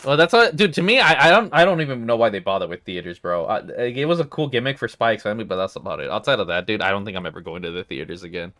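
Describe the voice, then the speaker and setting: A young man talks fast and rambles through a heated rant, swearing freely. His pitch leaps high and drops low as he gets worked up, over a call-style mic. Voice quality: swears a lot, animated rants with big pitch swings. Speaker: podcast host. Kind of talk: casual podcast chat.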